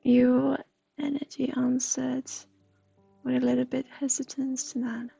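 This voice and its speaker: A woman giving a gentle, half-whispered livestream psychic reading. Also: high voice, level tone, unhurried, creaky, slightly rough, no echo, dull audio, faint music behind. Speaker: intuitive reader.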